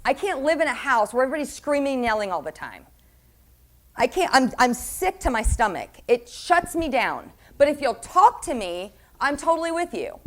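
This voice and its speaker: Woman pastor, middle-aged, sermon, confessional and lively, a bit high-pitched. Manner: candid, confessional, animated preaching with audience questions. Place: church sanctuary.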